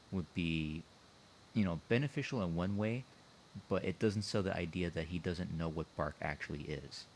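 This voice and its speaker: A man with a deep, low voice talks casually over a computer mic on an online call. He thinks aloud, circling back to the same points as he explains his own story. A faint hiss sits under his voice. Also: poor audio.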